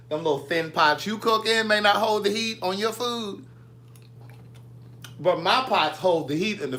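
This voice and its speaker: Man, bright forceful voice, pitched a touch high, easygoing vlogger chatter with viewers. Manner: chatty, playful, answers viewer comments. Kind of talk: casual live chat with viewers. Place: home kitchen.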